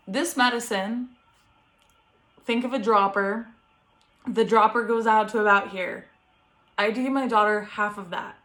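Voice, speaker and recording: A young woman vlogger telling a personal story in a chatty way, full of fillers and animated retelling. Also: medium pitch. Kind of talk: casual storytelling to camera.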